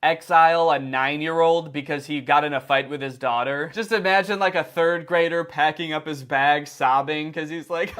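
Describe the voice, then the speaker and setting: A man's voice: on the high side, expressive, normal speed, hardly any pauses, a bit bright. A young man giving sarcastic, rambling comedic commentary on videos. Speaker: commentary youtuber.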